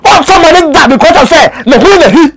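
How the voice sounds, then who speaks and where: A man's voice: very high voice, lively intonation, quick pace, very noisy. A Ghanaian man, a native Twi speaker who works as an actor, talking in an earnest, pleading way and switching between languages. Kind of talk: casual interview talk.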